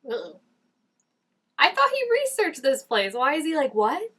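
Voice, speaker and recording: With a high voice, big swings in pitch, a slightly bright tone, and an unhurried pace, a woman hosts a reaction video. She reacts to scenes chattily, saying "like" a lot.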